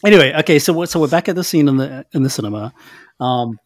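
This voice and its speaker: Animated man laughing through a film recap. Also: mid-range voice, fast, no room sound, studio quality. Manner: laughs often, animated retelling of scenes. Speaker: podcast co-host. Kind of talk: casual film review chat.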